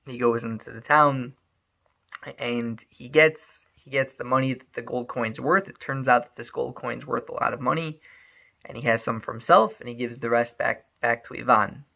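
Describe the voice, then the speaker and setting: Male storyteller, animated, stammery restarts, gravelly tone. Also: medium pitch, normal speed. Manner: animated, repeats words often.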